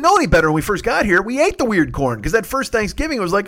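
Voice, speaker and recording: Profane, lively man riffing comedy. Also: high voice, quick pace, hardly any pauses. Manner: profane, riffing, slips into silly character voices. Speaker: comedy podcast host. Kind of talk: improvised comedic rant.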